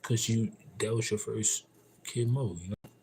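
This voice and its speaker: Man, livestream monologue, profane, emphatic, rambling, low pitch, faint background noise. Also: steady tone, normal speed, low-quality recording. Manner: profane, emphatic, rambling storytelling with frequent filler tags; swings between loud outbursts and low mutters. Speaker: livestream host.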